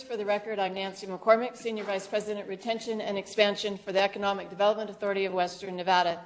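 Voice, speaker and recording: A woman at a mid pitch reads a prepared statement at a public board meeting, formal and measured. She speaks as an economic development representative presenting an applicant.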